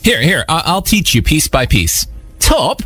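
Playful radio host man, very animated. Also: fairly high pitch, moderate pace. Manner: playful, teasing, theatrical. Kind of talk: comedic radio bit.

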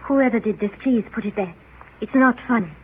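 A woman's voice: a little high, brisk, natural voice. A woman playing a stern, commanding aunt. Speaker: aunt and guardian. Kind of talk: 1930s radio drama acting. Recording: narrow phone-like old radio broadcast with faint hiss.

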